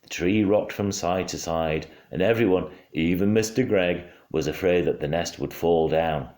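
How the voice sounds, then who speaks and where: Deep, lively dad narrator reading aloud at home, roomy sound. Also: male voice, moderate pace. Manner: expressive, hushed at quiet moments. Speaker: father reading to his child.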